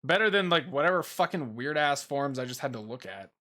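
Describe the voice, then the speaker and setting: A young man with a bright, clear voice talks loosely through his rankings. He rambles, swears offhand and fills gaps with ums and uhs. His pitch sits in an ordinary middle range. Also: lively intonation, fairly quick. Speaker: YouTuber ranking Pokemon. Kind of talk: casual commentary while making a tier list.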